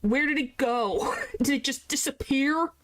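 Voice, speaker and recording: A woman's voice: high voice, measured pace. A young woman streaming a game, chatting casually to her viewers and reacting with rambling exclamations. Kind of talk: casual gameplay commentary.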